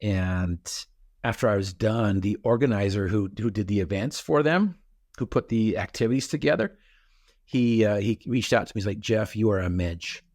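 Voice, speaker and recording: A middle-aged man with a lowish voice tells stories as a podcast guest, jumping into his own reactions as he goes. His voice is close and dry, with no room sound around it. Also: moderate pace, dry recording. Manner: animated storyteller, acts out his own reactions. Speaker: guest speaker. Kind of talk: storytelling in a podcast interview.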